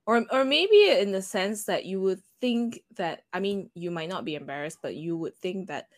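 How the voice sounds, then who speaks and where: A woman co-hosting a casual podcast, giggly and teasing. She drops in quick remarks and easy laughs as she talks. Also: mid-range voice, lively intonation, no room sound, studio quality. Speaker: podcast co-host.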